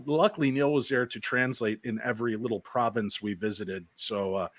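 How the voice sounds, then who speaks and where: An American man chatting over a video call, an animated storyteller who jokes and slips into voices. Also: medium pitch, moderate pace, no echo. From United States. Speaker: paranormal podcast host and guest. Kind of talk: casual video chat.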